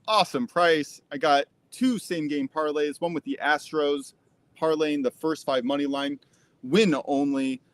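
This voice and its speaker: A man giving sports betting picks on a live show, quick and matter-of-fact. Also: medium pitch, no echo. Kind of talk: casual live-stream chat.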